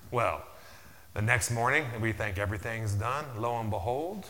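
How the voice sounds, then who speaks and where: Pastor guy preaching, bright edgy voice, keeps repeating lines and saying amen, big echoey church. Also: lowish voice, moderate pace. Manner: builds to loud, emphatic peaks. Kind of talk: sermon. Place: church sanctuary. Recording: long reverb of a large hall.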